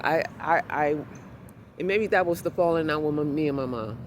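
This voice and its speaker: A woman's voice: deep voice, animated, normal speed, slight background noise. A woman vlogging in a casual, emphatic, heartfelt monologue outdoors in a city, repeating herself for emphasis.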